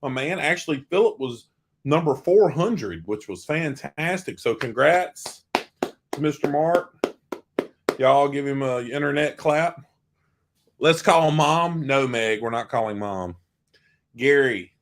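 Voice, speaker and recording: A man's voice: mid-range voice, lively intonation, slow. A man with a Southern US accent co-hosting a casual livestream, teasing and rambling as he chats. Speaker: co-host of a travel livestream.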